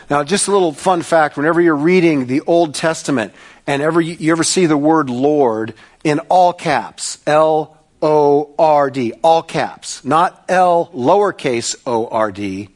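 A man pastor delivering a sermon, earnest, with slow emphatic pauses. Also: fairly high pitch.

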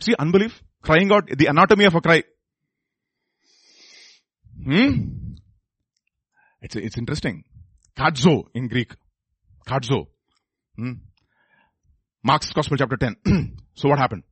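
A man preaching a sermon. He swings between loud emphatic bursts and hushed intensity, repeating phrases and putting questions to the audience. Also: on the high side, expressive, brisk, long pauses, slightly rough, dry recording.

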